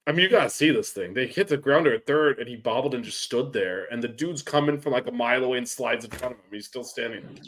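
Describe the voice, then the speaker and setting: A man's voice: mid-range voice, fast, a bit bright. A man hosting a casual sports chat, rambling with many fillers and restarts. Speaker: sports podcast host.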